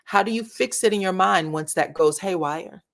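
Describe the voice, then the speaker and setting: Low-pitched lady chatting about reality tv, reading out viewer comments. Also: moderate pace, vocal fry, a bit bright. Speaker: commentary channel host. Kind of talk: casual reality-show commentary.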